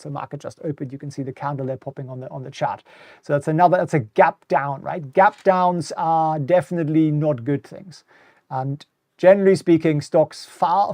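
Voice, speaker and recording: A middle-aged German man hosts a casual market-commentary livestream, often repeating words and answering viewer questions. His accent is German mixed with British English. His voice is a little high and darkish in tone, with clean studio sound and no room sound.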